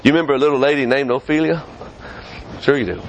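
A man preaching a sermon as pastor of a church, swinging from quick high rises down to low, slow stretches. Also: muffled recording, a little hiss or hum. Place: church sanctuary.

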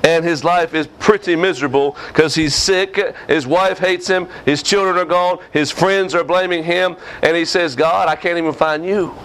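High-voiced preaching man. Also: steady tone, normal speed, hardly any pauses, fairly bright tone. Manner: preaching with a rising, emphatic cadence and repeated phrases. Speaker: pastor. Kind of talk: sermon.

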